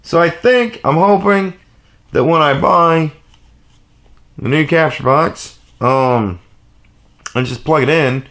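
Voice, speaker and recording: A man's voice: fairly high pitch, slow pace, long pauses, a bit bright. A man telling a rambling, profane story in a casual vlog rant. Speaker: vlogger.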